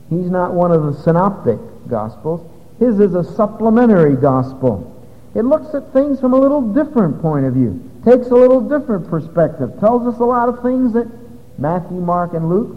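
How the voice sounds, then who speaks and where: A man's voice: high-pitched, big pitch swings, moderate pace. A man teaching an evening Bible study to a live audience, explaining step by step in a conversational way. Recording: dull lo-fi recording with long hall reverb.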